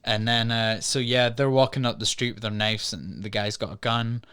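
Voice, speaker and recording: Bright, crisp-voiced man reviewing a film. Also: medium pitch, normal speed. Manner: animated retelling, acts out quotes in put-on voices. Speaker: podcast co-host. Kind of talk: casual film review chat. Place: studio.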